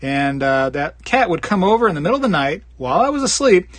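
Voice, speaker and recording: A man's voice: very animated, quick pace, no echo. A man hosting a live stream, casually rambling and joking as he reads viewer comments. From Florida. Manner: rambling, jokey, puts on squeaky voices for bits. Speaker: live stream host reading chat.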